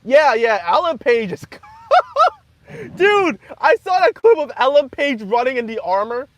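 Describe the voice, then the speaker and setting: Loud, high-voiced young male streamer. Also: very animated, measured pace, dry recording. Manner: loud, half-yelling over background noise; crude joking, frequent laughter. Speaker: livestream host. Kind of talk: casual livestream chat with viewers.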